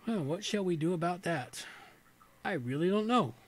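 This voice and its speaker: A high-pitched male host with lively intonation and a moderate pace runs a casual livestream while slightly tipsy. He reads from an old reference book, breaking off between passages into rambling, muttered asides.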